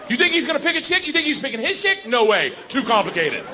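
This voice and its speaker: A man doing a stand-up comedy set, animated and storytelling, acting out voices and bantering with the crowd. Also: extremely high pitch, quick pace, hardly any pauses. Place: comedy stage before a live audience. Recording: live show with audience laughter and background noise.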